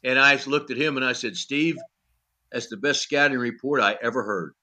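A man's voice: medium pitch, moderate pace. An older man and former coach, telling blunt, salty stories in an interview and acting out each exchange with many "you know" fillers. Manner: animated storyteller who acts out dialogue, with many "you know" fillers. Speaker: former pitching coach, guest. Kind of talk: storytelling in a podcast interview.

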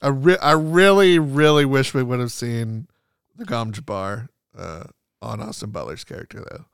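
Gravelly-voiced excitable man chatting about movies. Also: mid-range voice, moderate pace, no room sound, clean studio sound. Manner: excitable, filler-heavy, acts out scenes. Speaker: podcast co-host. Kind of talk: casual movie chat.

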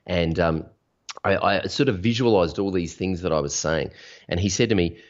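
Guy on a podcast, really low voice, open and chatty, kinda muffled lo-fi audio. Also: normal speed. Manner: frank, storytelling, motivational. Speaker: podcast guest. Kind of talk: candid interview conversation. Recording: dull lo-fi sound.

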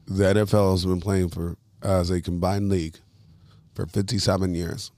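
Rambling low-voiced male podcast host. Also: flat delivery, moderate pace, dark tone, dry recording. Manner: rambling, swears freely, loses his train of thought. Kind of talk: casual chat.

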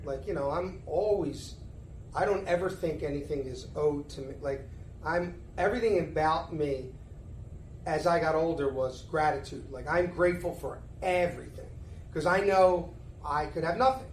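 A middle-aged man with a Philadelphia accent, telling stories as a guest in a relaxed interview. He pitches his voice a little high and slips into the voices of the people in his tales. The room is echoey, with a faint hiss of noise behind him. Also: moderate pace. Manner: animated storyteller who acts out dialogue. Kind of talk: casual storytelling interview. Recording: roomy echo, faint background noise.

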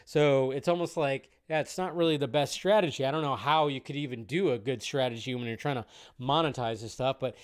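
A man's voice: mid-range voice, fairly quick, smooth. A man hosting a casual live stream about film news, chatty and rambling, cursing now and then.

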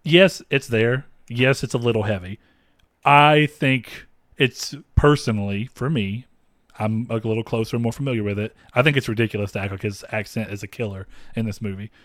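A man's voice: medium pitch, moderate pace, fairly bright tone, no room sound, clean studio sound. A young man from the American South co-hosting a podcast, chatting casually and rambling with many fillers and frequent laughs. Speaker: podcast co-host. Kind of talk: casual chat.

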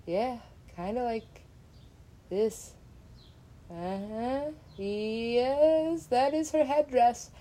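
Woman DJ, slow and meandering, casual swearing, laughs a lot. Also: on the high side, animated, mellow, slight background noise. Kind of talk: rambling casual monologue.

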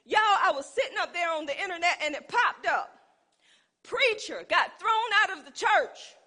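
Fervent high-voiced woman preaching. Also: expressive, normal speed, pushed and bright. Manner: call-and-response preaching, rising to fervent emphasis. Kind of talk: sermon.

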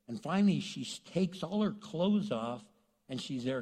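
A man preaching a sermon, retelling a story in a lively, conversational way and acting out the characters. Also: on the high side, normal speed, slightly rough. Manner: animated storytelling, acts out characters. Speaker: pastor. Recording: long reverb in a large hall.

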